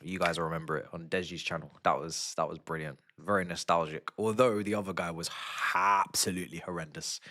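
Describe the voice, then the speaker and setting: A young man, giving excitable and slangy live commentary as he watches a football match with his stream. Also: sits low, a little fast, hardly any pauses. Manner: excitable, slangy, shouting at goals. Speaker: fan streamer.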